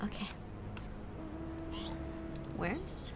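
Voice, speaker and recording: A woman's voice: very slow, heavy background noise. A woman streaming a game, chatting casually and reacting aloud, her voice worn and strained. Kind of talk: casual gameplay commentary. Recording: game music behind the voice.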